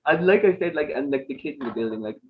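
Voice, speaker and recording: A man's voice: a little high, animated, fast, narrow, tinny audio, background noise. A young man with an Irish accent chatting casually as a podcast guest, rambling and laughing often. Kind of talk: casual chat.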